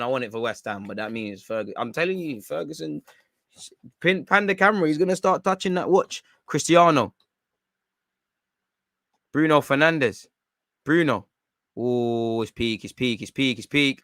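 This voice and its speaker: A man reacting live to a football match from home, bantering in slang and shouting when chances come. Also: medium pitch, moderate pace, creaky, no echo, studio quality. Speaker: football watchalong streamer.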